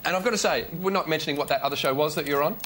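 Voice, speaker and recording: A man's voice: on the high side, racing, bright, forceful tone. A man hosting a TV music quiz, throwing dry, punning questions at his guests. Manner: dry, wordplay-driven. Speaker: quiz show host. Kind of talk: hosting banter. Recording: noisy studio recording.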